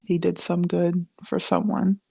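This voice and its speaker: Co-host, woman, slow and even, dry close sound, short interjections. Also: fairly low pitch, creaky, slightly rough, dry recording. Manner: short chiming-in remarks. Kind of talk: casual chat.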